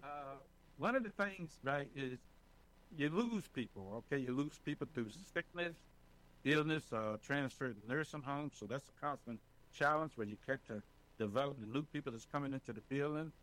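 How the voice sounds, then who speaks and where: A man being interviewed as a residents' advocate, talking in an animated, emphatic way and often checking in with the listener. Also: medium pitch, normal speed, poor audio. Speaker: senior residents' advocate, guest. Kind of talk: casual interview talk.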